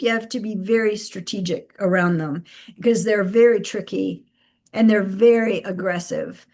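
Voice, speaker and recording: A woman's voice: mid-range voice, darkish tone. A woman hosting a live spiritual guidance stream, speaking emphatically, repeating key phrases and laughing between points.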